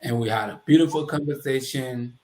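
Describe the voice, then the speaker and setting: Speaking a little fast in a mid-range voice, this Liberian-accented man is a guest recounting his life in conversation. He's animated, voicing the dialogue he remembers, and the recording has a roomy echo.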